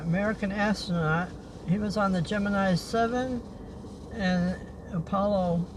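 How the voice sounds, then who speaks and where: Older guy w a high voice reading off history notes at the beach, halting, noisy outdoor audio. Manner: halting, slow when reading names. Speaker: livestream host.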